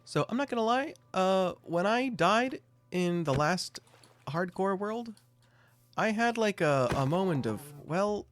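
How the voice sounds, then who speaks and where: A man's voice: high voice, expressive, measured pace, a bit bright, no echo. Chatty man narrating his gameplay. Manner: chatty, thinks aloud with self-mocking asides. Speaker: gameplay commentator. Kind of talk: casual let's-play commentary.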